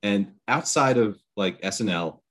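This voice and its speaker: A man co-hosting a podcast, chatting casually with wry jokes in quick bursts. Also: on the low side, lively intonation, fairly bright tone. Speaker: podcast co-host. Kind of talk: casual chat.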